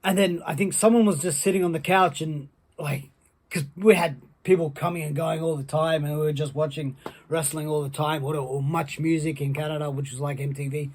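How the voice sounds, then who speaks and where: Man, high voice, husky, rambling profane wrestling anecdote. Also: a little fast. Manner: rambling, profane, building excitement. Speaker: storyteller, former wrestler. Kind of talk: casual anecdote.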